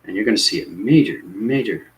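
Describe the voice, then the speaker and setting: A man's voice: fairly low pitch, lively intonation, fairly quick, rough recording. A man talking earnestly and rambling about spiritual ascension, often repeating himself. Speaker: spiritual teacher. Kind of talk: unscripted spiritual talk.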